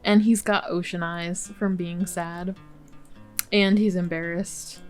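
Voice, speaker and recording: A woman's voice: lowish voice, fairly even intonation, takes it slowly, darkish tone, faint music behind. Chatty woman narrating her gameplay. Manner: chatty, exclamatory, laughs often. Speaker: Let's Play host. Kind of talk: casual gameplay commentary.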